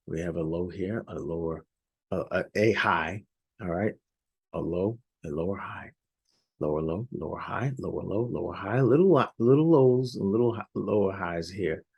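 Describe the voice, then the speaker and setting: A hoarse man presenting a weekly forex outlook over charts, rambling a little and often checking in with "all right?". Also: low voice. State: hoarse, losing his voice. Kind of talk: unscripted chart walkthrough.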